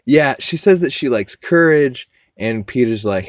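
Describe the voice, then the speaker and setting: A man hosting a podcast, loosely recapping a cartoon episode with fillers and swearing, acting out characters' lines in higher voices. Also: animated, measured pace, dry recording. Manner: rambling, loose, with profanity and frequent fillers. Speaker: podcast host.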